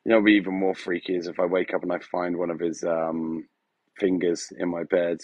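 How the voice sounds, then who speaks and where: A man with a low, gravelly voice and a husky edge chats loosely on a live stream, stopping often to hesitate. The sound is dull and lo-fi, like a phone mic in a dry room. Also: little pitch movement, a little fast, a little mellow, no room sound. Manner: rambling, hesitant, full of fillers, emotional. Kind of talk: casual live-stream chat.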